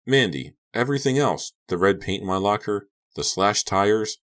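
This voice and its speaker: A man voicing a panicked teenage boy tied to a chair in an audiobook, shouting and pleading. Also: fairly low pitch, animated, moderate pace, pitched above the performer's own voice. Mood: frantic, shouting. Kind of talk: audiobook character voice.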